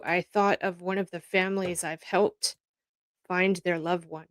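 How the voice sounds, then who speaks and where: A woman's voice: medium pitch, steady tone, measured pace, no echo. A woman from Canada hosting a casual commentary from home, telling stories in a rambling, heartfelt way that verges on tears. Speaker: host reacting to news clips.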